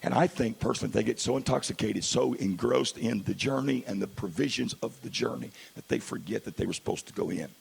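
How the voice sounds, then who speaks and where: Gravelly-voiced pastor preaching a sermon. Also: male voice, mid-range voice. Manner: swings from quiet asides to loud, drawn-out preaching.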